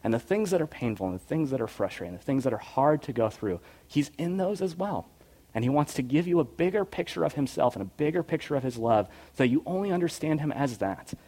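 Soft-spoken man reading a story aloud. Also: a little high, animated, brisk. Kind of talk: storybook reading and devotional talk.

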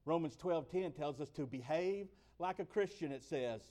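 A man preaching in a fairly high voice, chatting with his congregation like friends. He swells to loud emphatic peaks, then settles low and slow for the scripture. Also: expressive. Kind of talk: sermon.

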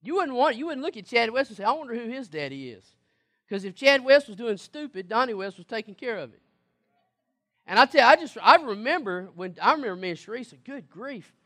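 A man's voice: very high-pitched, big pitch swings, a little fast, sharp tone. A man preaching a sermon, emphatic, repeating words and asking the congregation questions. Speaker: pastor.

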